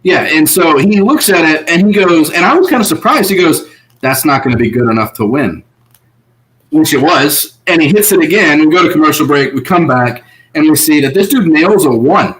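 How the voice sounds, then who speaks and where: This co-host sounds a little high and a little quick, recorded with poor audio. Chatting casually to recap an online show, he stays lively, breaks into laughter often, and puts on voices for quoted contestants.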